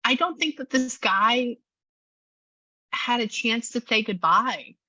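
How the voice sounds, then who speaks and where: Bright-voiced chatty woman medium. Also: fairly high pitch, animated, breathy edge, no room sound. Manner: chatty and quick, with many fillers and laughs. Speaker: psychic medium. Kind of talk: spirit reading session. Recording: dull lo-fi audio.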